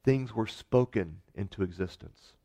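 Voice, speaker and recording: A man preaching a sermon earnestly, rising to emphatic peaks and dropping to soft, quiet lines. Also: fairly low pitch, measured pace. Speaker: pastor.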